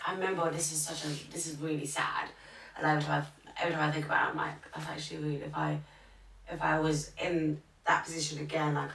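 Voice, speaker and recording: A woman's voice: sits low, creaky, a bit bright, recorded from a distance. A woman co-hosting a podcast, chatting casually and rambling with many fillers and restarts. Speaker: podcast co-host. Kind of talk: casual chat. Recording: roomy, off-mic sound.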